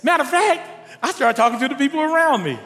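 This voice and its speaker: Male pastor, high and bright, animated sermon delivery, long hall reverb. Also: fast. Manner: animated, rising to near shouts in stories. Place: large church hall.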